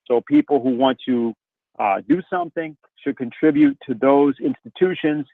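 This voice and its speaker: A man moderating a conference call, making casual announcements in a halting way with many fillers. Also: medium pitch, no echo. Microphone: telephone. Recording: narrow phone line.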